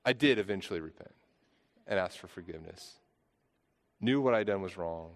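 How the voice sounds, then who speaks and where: A pastor in his thirties preaches a sermon earnestly, often repeating and restarting phrases. His voice is low and his pace moderate, with a long hall reverb on the recording.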